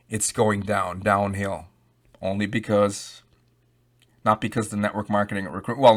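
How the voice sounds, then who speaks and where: A man giving rambling, emphatic, unscripted commentary, addressing viewers directly. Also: fairly low pitch. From Canada. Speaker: YouTube crypto commentator.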